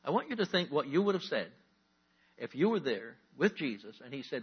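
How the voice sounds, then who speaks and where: A man preaching a sermon as a pastor, emphatic, drawing out key words and rising into animated bursts. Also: medium pitch, fairly quick, slightly rough. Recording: dull lo-fi recording.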